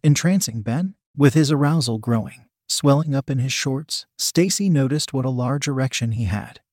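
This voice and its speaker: A man narrating an adult audio story in a plain, steady reading voice. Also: mid-range voice, normal speed, dry recording, clean studio sound. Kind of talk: reading an erotic story aloud.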